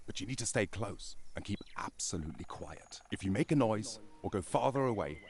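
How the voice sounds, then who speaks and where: Game NPC: stern forester with a German accent, low terse commands. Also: male voice, animated, a little fast, slight background noise. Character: gruff male forester hunting poachers, stern.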